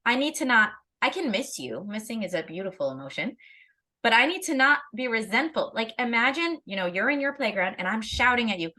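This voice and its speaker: A woman in a candid conversation on parenting, expressive and fond of acting out little scenes. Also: on the high side, fairly quick. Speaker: parenting educator.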